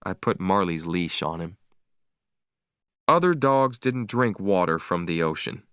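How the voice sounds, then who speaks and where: A man reading a story aloud slowly and clearly for English learners, with expressive delivery. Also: deep voice, dry recording, clean studio sound. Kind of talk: slow read-aloud story narration.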